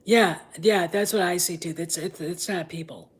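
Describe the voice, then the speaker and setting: A woman's voice: lowish voice, moderate pace, slightly rough. A woman hosting a fan show in casual chat, rambling and often dropping into whispers.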